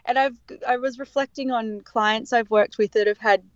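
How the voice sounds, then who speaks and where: A woman's voice: on the high side, steady tone, normal speed, no echo, muffled recording. A woman talking candidly about a birth in a casual interview, chatty and laughing often. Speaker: guest sharing her birth story.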